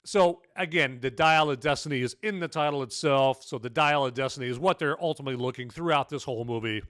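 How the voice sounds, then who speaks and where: A man's voice: medium pitch, fast talker, fairly bright tone, no echo, clean studio sound. A man giving a casual, rambling spoken movie review, often tacking "okay?" onto his sentences. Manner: rambling, many fillers and "okay?" tags.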